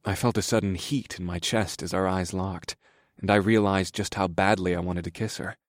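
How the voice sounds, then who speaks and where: A man narrating a first-person romance audiobook in a steady, low-key way. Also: normal speed, no echo, clean studio sound.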